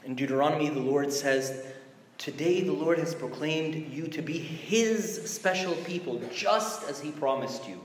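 A man delivers a sermon in a chatty yet emphatic style, with a slightly high voice. His voice rings out in a big, echoey hall with a long reverb tail. A faint hum of background noise sits underneath. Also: measured pace. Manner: conversational, emphatic with rising exclamations. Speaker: preacher.

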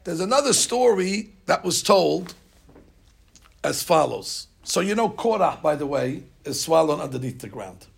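A man teaching a religious class to women, telling stories animatedly with many fillers. His voice sits high, with a gravelly, husky grain. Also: big pitch swings, measured pace.

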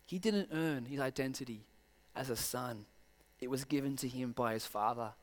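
A man's voice: medium pitch, normal speed, in a large hall. A man preaching a sermon, pressing his listeners with pointed rhetorical questions.

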